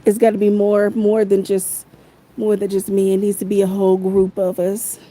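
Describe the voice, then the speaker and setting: A woman rants angrily into her phone on a livestream, swearing freely and circling back to the same phrases again and again. Her voice is warm and mellow, with a soft, dark tone even as she gets heated. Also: mid-range voice, moderate pace, poor audio. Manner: heated, profane, repeats phrases. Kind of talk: angry livestream rant.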